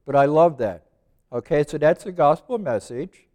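A man's voice: on the high side, animated, a little mellow. Older preacher in his seventies, emphatic. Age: 70s. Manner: emphatic, repeats key words, slows down to read verses. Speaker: preacher teaching evangelism. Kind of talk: sermon.

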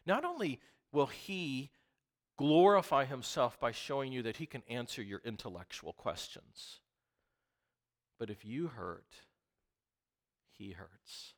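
A man preaching a sermon who reads scripture and questions his listeners, dropping to a whisper and then rising to loud outbursts. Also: medium pitch, sing-song, unhurried, creaky, long pauses. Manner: swings from hushed whispers to loud impassioned outbursts.

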